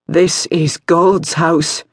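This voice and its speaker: A man's voice: a little high, little pitch movement, extremely slow, no echo, studio quality. Male narrator doing a reedy elderly abbess, stern and devout.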